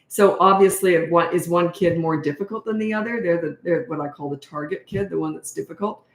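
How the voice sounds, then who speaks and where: Middle-aged woman, parenting coach, casual Q&A, lowish voice, frank and rambling, echoey room. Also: brisk. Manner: chatty and frank, trails off and restarts, rises high when exasperated. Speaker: parenting coach answering viewer questions. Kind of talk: casual Q&A advice talk.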